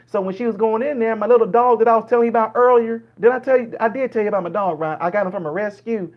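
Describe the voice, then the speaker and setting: A rambling older Southern grandmother who never gets to the point, her voice pushed high and folksy, as a man puts her on. She wanders from one small detail to the next. The stream audio is dull and lo-fi. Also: level tone, racing, gravelly. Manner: long-winded, drifts off topic, folksy.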